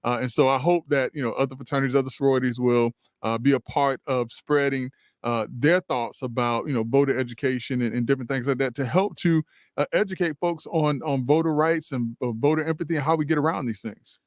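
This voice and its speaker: A man's voice: mid-range voice, brisk, no echo, studio quality. A man co-hosting a radio talk show, earnest, restarting often and stacking points in repeated phrases. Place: radio studio.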